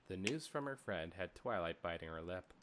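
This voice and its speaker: A man's voice: low voice, lively intonation, normal speed, noisy background. A man co-hosting a podcast who reads fan fiction aloud and breaks off into wry, joking commentary. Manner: wry and joking, often laughing. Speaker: podcast co-host and narrator.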